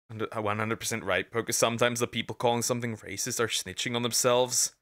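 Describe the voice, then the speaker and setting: A man casually reacting to a video, animated and crude, laughing often and tripping over repeated words. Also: medium pitch, fast talker, few pauses.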